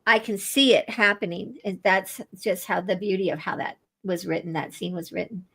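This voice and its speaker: A woman co-hosting a radio interview show, enthusiastic and quick to laugh. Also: medium pitch, gravelly, fairly bright tone, slightly rough.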